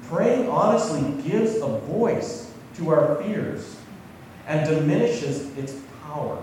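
Man, pastor, sermon, lively ups and downs, far from the mic in an echoey hall. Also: a little high, slow pace, a little hiss or hum. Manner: conversational, asks the congregation questions.

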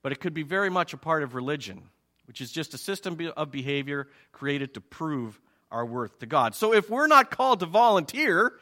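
A male pastor preaching a sermon in an animated way, acting out his listeners' reactions. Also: fairly high pitch, a little fast.

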